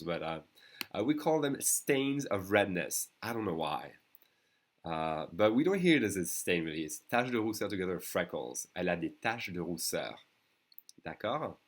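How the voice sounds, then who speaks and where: A man with a French accent, a native speaker teaching a beginners' language lesson online, patiently repeating each phrase. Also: low voice.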